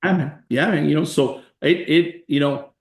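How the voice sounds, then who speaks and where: A man's voice: a little high, normal speed, a crowd in the background. Emphatic man telling stories in a roomy space. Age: 40s. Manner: emphatic, animated storyteller acting out quoted voices. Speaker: guest. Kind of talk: conversational storytelling interview.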